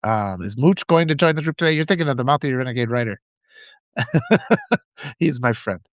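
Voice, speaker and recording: A man's voice: mid-range voice, quick pace, no echo, clean studio sound. A man hosting a livestream, giving impassioned political commentary and reading out viewers' chat, often repeating phrases for emphasis. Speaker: livestream host.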